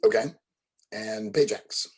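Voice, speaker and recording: Slow, husky game master. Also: male voice, lowish voice, poor audio. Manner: hesitant, full of ums and uhs. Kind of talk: narrating a tabletop game.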